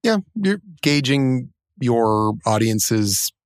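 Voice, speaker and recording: A man's voice: mid-range voice, big pitch swings, no room sound, clean studio sound. A middle-aged man co-hosting a podcast in casual chat, wry and joking, shifting his pace as he talks. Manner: wry, joking, speeds up and slows down. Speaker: podcast co-host.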